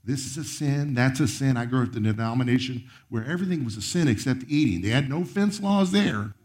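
Preacher swinging from loud to hushed. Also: male voice, expressive, fairly quick. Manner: preaching with sharp swings of pitch and volume, dropping to a near whisper; reads scripture aloud and comments on it. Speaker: pastor. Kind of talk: sermon.

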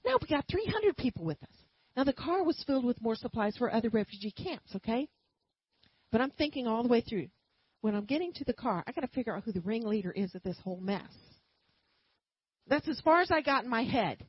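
A woman preaching a sermon and telling a personal story, swinging from quiet asides to loud emphatic bursts. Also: on the high side, expressive, brisk, husky, dry recording, lo-fi sound.

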